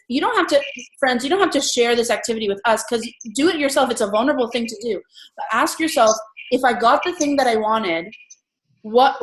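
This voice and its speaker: A woman hosting an entrepreneur meetup, talking in a chatty, animated way with lots of fillers. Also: on the high side, roomy sound, poor audio. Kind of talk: casual group chat.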